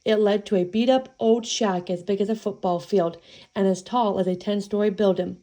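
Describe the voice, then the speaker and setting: A woman's voice: medium pitch, fairly even intonation, moderate pace, mellow. A woman reading a children's tall tale aloud with a folksy, playful delivery. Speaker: storyteller.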